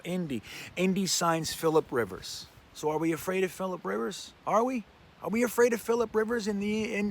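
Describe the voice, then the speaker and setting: A man's voice: medium pitch, slight background noise. A man hosting a fan show, giving brash, joking sports predictions in casual commentary. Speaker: fan podcast host.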